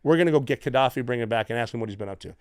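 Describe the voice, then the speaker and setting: A middle-aged man from the United States, a former Navy SEAL guest telling stories in a casual, profane, animated way. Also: mid-range voice, rapid-fire, no echo, clean studio sound. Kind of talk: casual storytelling.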